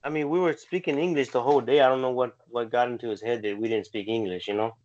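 A man in casual conversation with friends, calmly adding details and corrections to a shared story. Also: medium pitch, quick pace. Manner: relaxed, adds details and corrections. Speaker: friend chiming in. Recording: dull lo-fi recording.

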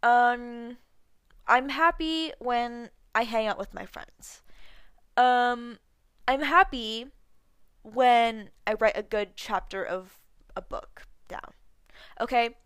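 A woman's voice: a little high, slow pace, long pauses, a bit bright, clear, resonant tone, dry recording. A twenty-one-year-old woman hosting a solo podcast, chatting casually with a slight lisp and lots of fillers. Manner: chatty, lots of likes and ums. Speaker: podcast host.

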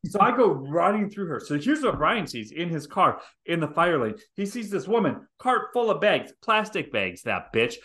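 A man's voice: a little high, normal speed, few pauses. Middle-aged guy on a podcast telling a wild story, swears a lot, voice jumps all over. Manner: animated, profane storyteller acting out scenes. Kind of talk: storytelling chat.

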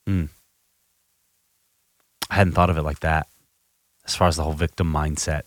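A man's voice: very deep voice, level tone, moderate pace, slight background noise. A man hosting a podcast, telling a personal recovery story in a candid, self-reflective way, often restarting his sentences. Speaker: podcast host.

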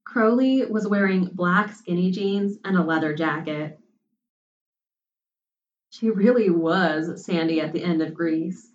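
A woman narrating a story in an even, measured audiobook style. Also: lowish voice, roomy sound. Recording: distant, muffled recording.

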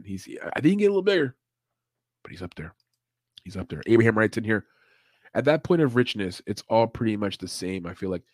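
A man's voice: fairly low pitch, dry recording, clean studio sound. A man hosting a casual livestream podcast, talking loosely with swearing and frequent laughs. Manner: loose, profane, laughs often. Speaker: podcast host.

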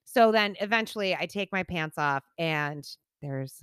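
A woman's voice: fairly low pitch, animated, unhurried, a bit bright, clean tone, dry recording, studio quality. A woman in her forties, a podcast co-host, telling a story in casual chat, acting out the quotes and swearing freely. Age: 40s.

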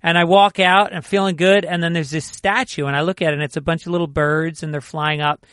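A man's voice: a little high, steady tone, fast, a bit bright, smooth, no echo, clean studio sound. A middle-aged man hosting a casual podcast, telling stories and acting out the quotes in a conversational way. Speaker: host, stand-up comedian.

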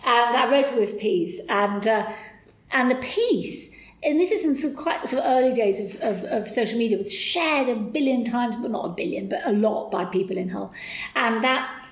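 Middle-aged woman, podcast guest, lively storytelling, echoey room. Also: on the high side, normal speed. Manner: animated and enthusiastic, acts out quoted voices. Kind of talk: candid anecdotal storytelling. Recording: roomy echo.

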